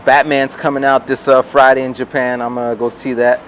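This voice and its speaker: A man in his forties, a vlogger and rapper, telling rambling stories in a casual vlog and breaking into animated impressions of the people in them. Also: mid-range voice, fairly quick, a little hiss or hum. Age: 40s.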